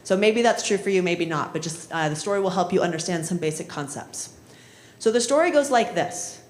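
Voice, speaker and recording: A woman's voice: on the low side, lively intonation, a little fast. A conversational woman trainer in an echoey room. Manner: conversational, often adds "right?" and acts out quoted voices. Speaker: conflict trainer. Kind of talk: workshop lecture with storytelling. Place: municipal training session room.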